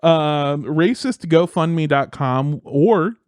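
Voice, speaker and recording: A man's voice: fairly high pitch, animated, takes it slowly, darkish tone, smooth, dry recording, clean studio sound. A young man co-hosting a podcast, chatting casually with crude jokes and lots of swearing. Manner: crude, jokey, swears often. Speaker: podcast co-host. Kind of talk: casual comedic podcast chat.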